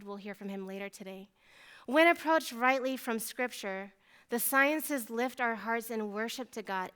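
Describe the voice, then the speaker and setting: A woman giving a personal testimony talk at a symposium, earnest and animated, acting out her own past thoughts as she tells her story. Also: on the high side, clean tone. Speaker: symposium speaker. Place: lecture hall.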